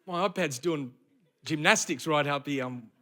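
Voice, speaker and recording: At a moderate pace, a middle-aged pastor preaches from a church stage with a very bright, high, forceful voice. He keeps the congregation engaged with rhetorical questions and an animated storytelling style.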